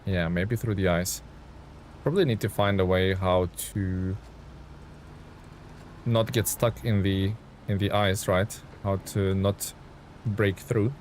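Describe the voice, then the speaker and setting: A man's voice: low-pitched, steady tone, slow, pauses often, darkish tone, slight background noise. A man live-streaming a truck game, chatting to viewers, thanking them and thinking aloud with ums and chuckles. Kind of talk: live gameplay stream commentary.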